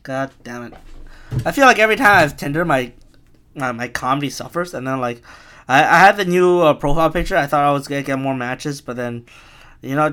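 A man's voice: on the high side, brisk, pushed and bright, clear, resonant tone. A man in his twenties hosting a solo podcast, rambling through a rant with a chuckling, profane, self-mocking manner. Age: 20s. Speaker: podcast host.

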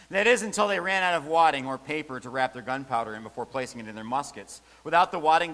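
Guy preaching a sermon, kinda high voice, hammers his points, echoey church hall. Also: pushed and bright. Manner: emphatic, repeats key phrases. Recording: long hall reverb.

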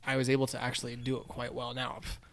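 A man hosting a casual podcast, his voice sitting at an ordinary middle pitch. He talks in a relaxed, chatty way and drops "dude" often. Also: fast talker, creaky. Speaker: podcast host. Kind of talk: casual chat.

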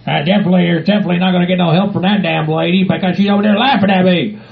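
A man's voice: high voice, fairly even intonation, racing, gravelly, voice pushed down. A man voicing a bewildered hillbilly sidekick with a drawl, repeating himself. The recording sounds dull and lo-fi.

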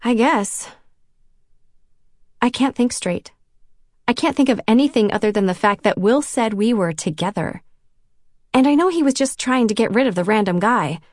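A woman's voice: fairly high pitch, expressive, normal speed, pauses often, darkish tone, no room sound, studio quality. A woman reading a novel in first person, with a self-conscious, wry inner voice. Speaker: audiobook narrator. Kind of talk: first-person audiobook narration.

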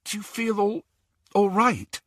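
A man's voice: mid-range voice, sing-song, takes it slowly, fairly bright tone, slightly rough, no echo, clean studio sound, exaggerated voice. A man voicing a worried, earnest teenage girl, a young witch.

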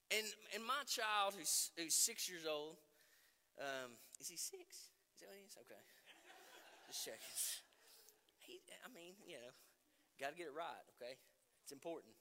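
A middle-aged male pastor preaching a sermon, telling stories about himself with animated, self-mocking humor. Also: on the high side, normal speed, pauses often. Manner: animated, self-deprecating storytelling. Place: church sanctuary. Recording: long reverb in a church hall.

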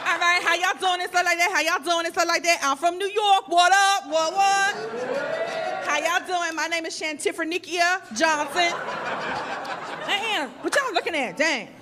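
A woman's voice: very high-pitched, moderate pace, loud music behind the voice. A woman playing a sassy, confrontational Brooklyn pageant contestant with a Brooklyn accent. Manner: sassy, confrontational, repeating "what". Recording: live club crowd laughter.

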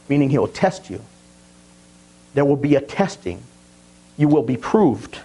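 A man preaching a sermon, stumbling over and repeating words as he tells stories, and reading scripture slowly with emphasis. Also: mid-range voice, animated, dark tone, slightly rough, rough recording. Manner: repeats words and restarts often, storytelling.

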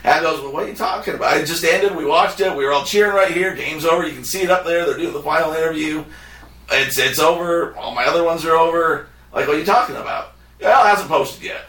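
Bright-voiced man telling a story. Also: fairly high pitch, fast talker, reverberant, recorded from a distance. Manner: animated, acts out quotes of others. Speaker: podcast host. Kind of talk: casual storytelling chat.

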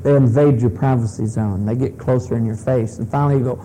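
A man's voice: mid-range voice, steady tone, fast talker, dark tone, slight background noise, poor audio. A man preaching a sermon in a humorous, conversational way, often asking the congregation questions.

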